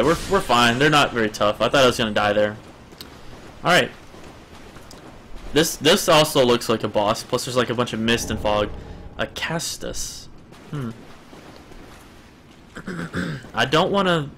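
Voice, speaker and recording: A man streaming a video game and commenting as he plays, yelping and shouting in panic, then muttering quietly to himself. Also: mid-range voice, slight background noise. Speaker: gaming streamer. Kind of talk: let's-play commentary.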